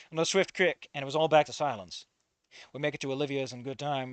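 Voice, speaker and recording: A man's voice: a little high, a bit bright, clear, resonant tone, no echo. A man reading a first-person fan story aloud in a casual, wry, sometimes profane way, close to the mic. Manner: casual, wry narration with swearing. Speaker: story reader.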